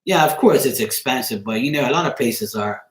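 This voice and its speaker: A man's voice: medium pitch, animated, fairly quick, fairly bright tone. A Bermudian man chatting casually on a live stream, joking and swearing offhandedly as he answers viewers by name. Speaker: live streamer reading chat. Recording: echoey room.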